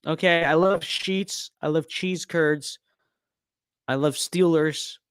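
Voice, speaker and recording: A man's voice: a little high, steady tone, takes it slowly, fairly bright tone, clear, resonant tone. A young man giving casual gameplay commentary on a stream, full of ironic mock-political bluster and repeated catchphrases.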